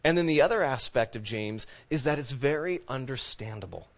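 A man's voice: mid-range voice, expressive, a little fast, muffled recording. A man who is a pastor, preaching a sermon in a loose, conversational way, full of fillers and asides. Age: adult parent of children.

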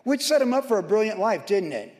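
A man preaching with a high, ringing voice, fervent and emphatic, driving his points home by piling up phrase after phrase. His sermon carries the long reverb of a big hall. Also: big pitch swings, a little fast, darkish tone. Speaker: pastor.

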